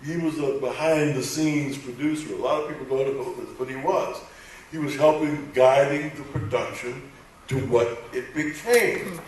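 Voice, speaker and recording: Older male voice actor, panel storyteller, animated and rambling, distant mic in a roomy hall. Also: mid-range voice, moderate pace, a little hiss or hum. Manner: animated, acts out quoted dialogue, rambling restarts. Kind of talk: anecdotal storytelling to a live audience. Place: convention panel room. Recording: echoey convention hall, picked up from afar.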